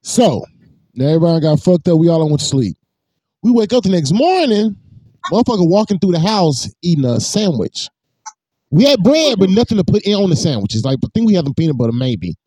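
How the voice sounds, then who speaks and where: A man telling a long, profane story in a casual podcast chat, swinging high and low as he acts it out. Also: big pitch swings, fairly quick, mellow, dry recording.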